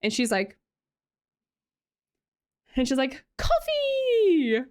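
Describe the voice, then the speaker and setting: A young Australian woman with an Australian accent and a mid-range voice swings widely in pitch at a moderate pace. Chatting casually as a live streamer, she reads out viewer comments, giggling and poking fun at herself.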